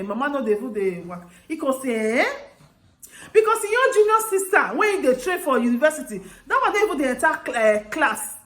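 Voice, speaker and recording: A woman with a Nigerian Pidgin accent telling a story casually to her viewers, lively, acting out the people she quotes and often laughing. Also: high-pitched. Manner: animated, acts out quoted voices with laughter. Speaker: vlogger. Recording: roomy echo.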